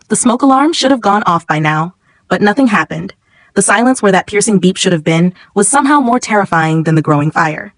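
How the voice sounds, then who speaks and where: A woman narrates a scripted first-person story at a steady, tense pace. Her voice sits in the middle range, and the recording is dry and close with no room sound. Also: medium pitch, brisk, no room sound, poor audio.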